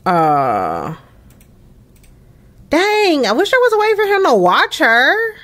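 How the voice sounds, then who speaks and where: With a very high-pitched voice at a moderate pace, this young woman runs a life-sim let's play. Her gameplay commentary is chatty, casual and emphatic, breaking into excited bursts.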